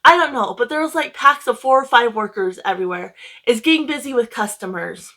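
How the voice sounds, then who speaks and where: A young woman retells her day to camera in a loose, rambling way, full of fillers and emotion. Her voice sits a little high, and she talks casually from home. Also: expressive, fairly quick, pushed and bright. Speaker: book vlogger.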